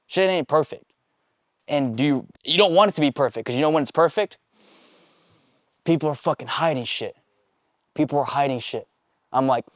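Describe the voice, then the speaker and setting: A man's voice: fairly high pitch, no room sound, studio quality. A man leading a sales team meeting, talking bluntly with constant swearing and acting out bits of dialogue. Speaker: sales trainer. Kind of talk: profane motivational team talk. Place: meeting room with a small group.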